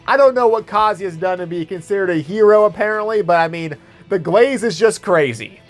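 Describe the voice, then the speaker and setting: Man, slightly high voice, casual manga review, swears a lot, lots of fillers, faint background music. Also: animated, brisk, few pauses. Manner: laid-back, swears often, filler-heavy. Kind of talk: casual profane commentary.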